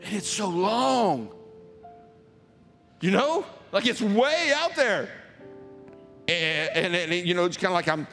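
Animated high-voiced pastor preaching. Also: male voice, takes it slowly, creaky, pauses often, big-room sound, soft background music. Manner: animated, acts out voices in his story, shouts and laughs. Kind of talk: sermon with storytelling.

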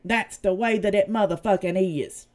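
A woman's voice: mid-range voice, normal speed, a little mellow. A woman with a Southern East Tennessee accent, hosting a casual livestream and ranting bluntly and profanely. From United States. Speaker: channel host.

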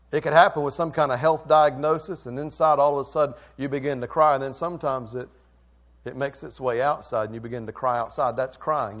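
A man preaching a sermon as pastor, emphatic, swinging from quiet asides to loud calls and repeating phrases for emphasis. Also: medium pitch.

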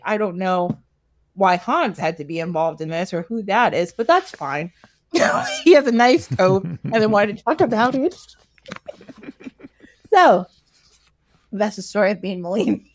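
A woman's voice: mid-range voice, animated, measured pace, pauses often, dry recording. A woman casually retelling a fairy tale with slangy comic asides, laughing often. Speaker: storyteller guest.

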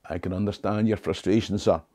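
A man's voice: sits low, fairly even intonation, brisk, dark tone. A Scottish man in his sixties, a history guide telling stories with dry jokes and Scots words, talking from a small home office. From Scotland. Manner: wry, joking storyteller sprinkling in Scots words. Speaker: history tour guide and channel host. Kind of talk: talking-head history video.

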